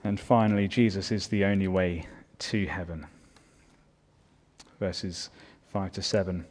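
A man's voice: deep voice, steady tone, unhurried, long pauses, darkish tone. A man preaching a sermon as pastor, earnest and building in volume on his key points.

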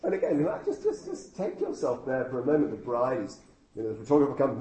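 A man's voice: fairly high pitch, sing-song, a little fast, darkish tone. A man preaching a sermon in a conversational way, full of rhetorical questions and dry humor. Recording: echoey room with faint noise.

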